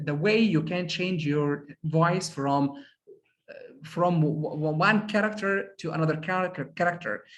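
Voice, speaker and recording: A man's voice: a little high, a bit bright. Emphatic male teacher. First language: Arabic. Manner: emphatic, repeats words, many "of course"s. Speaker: English conversation teacher. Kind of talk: classroom discussion.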